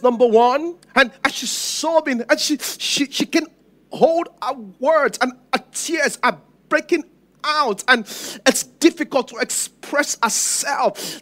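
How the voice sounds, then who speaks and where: A man preaching a sermon as pastor, emphatic and repetitive, dropping to a hush and then rising loud. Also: very high voice.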